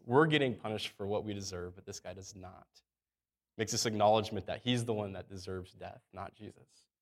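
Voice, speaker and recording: A man preaching a sermon in a relaxed, conversational way, reading scripture aloud and repeating key words. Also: fairly low pitch. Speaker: pastor.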